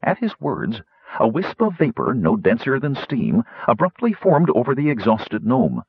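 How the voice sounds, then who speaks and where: A man narrating a fantasy story in an expressive reading voice. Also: mid-range voice, normal speed, breathy edge, no echo. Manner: expressive, voicing many characters. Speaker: audiobook narrator. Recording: dull lo-fi audiobook recording.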